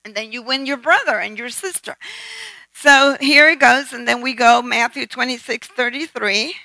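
A woman's voice: fairly high pitch, moderate pace, gravelly, pushed and bright, no echo, low-quality recording. A woman preaching a sermon, emphatic and asking the audience questions. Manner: emphatic, calls for amen and asks the audience questions.

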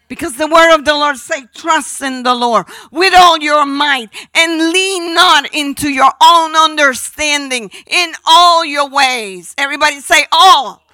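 A woman preaching a sermon, slow and emphatic, sometimes dropping her voice almost to a whisper. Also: high voice, sharp tone, dry recording.

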